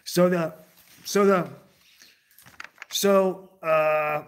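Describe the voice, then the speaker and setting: Man streaming, slightly raised pitch, rambly off-the-cuff talker who drifts between tangents. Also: steady tone, very slow. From United States. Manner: digressive, restarts sentences, jumps between tangents. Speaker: livestream host. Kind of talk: casual rambling monologue to chat.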